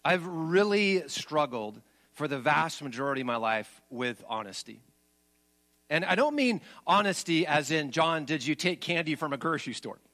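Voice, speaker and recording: A man in his forties, a pastor preaching a candid, confessional sermon, moving between animated emphasis and low, quiet admissions.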